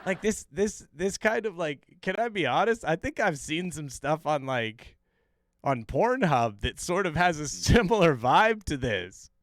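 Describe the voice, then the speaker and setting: A man's voice: on the high side, sing-song, unhurried, no room sound. A man streaming a reaction to a video, laughing, swearing and reacting in disbelief as he chats with viewers. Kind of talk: casual reaction chat.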